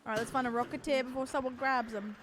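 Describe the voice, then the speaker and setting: A woman's voice: high-pitched, fairly even intonation, quick pace, slight background noise. A woman in her thirties streaming, chatting casually and playfully with a friend while gaming. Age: 30s.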